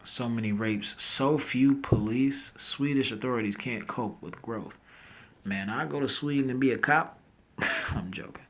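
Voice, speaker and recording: A man hosting a casual news commentary, reading headlines aloud and breaking off into rambling, slangy asides and loud disbelief. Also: mid-range voice, normal speed. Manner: reads headlines then reacts with loud disbelief.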